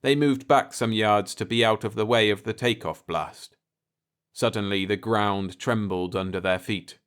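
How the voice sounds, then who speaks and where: Male narrator for a bedtime story, calm, very slow delivery. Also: lowish voice, clean tone. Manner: calm and unhurried.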